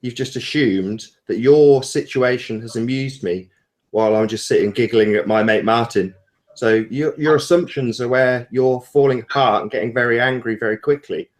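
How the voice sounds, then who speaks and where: A man on a group call, replying in a calm, precise, articulate way. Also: mid-range voice, moderate pace. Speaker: participant in online group call. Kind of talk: calm rebuttal.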